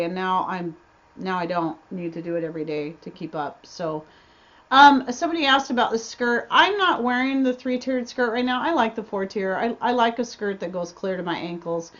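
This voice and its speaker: A woman hosting a casual livestream Q&A from her homestead, chatty and rambling, often restarting her sentences. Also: medium pitch. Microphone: webcam mic. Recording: slightly dull webcam audio.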